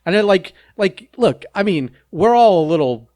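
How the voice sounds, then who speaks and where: A man's voice: high-pitched, expressive, normal speed, darkish tone. A man co-hosting a podcast in casual chat, asking questions and throwing out theories. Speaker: podcast co-host.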